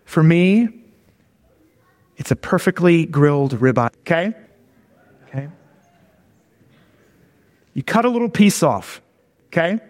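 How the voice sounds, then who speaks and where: A man's voice: on the high side, lively intonation, slow, long pauses, a little mellow, in a large hall. A man giving a conversational sermon who keeps checking in with his listeners with "okay?" and "all right?". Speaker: preacher.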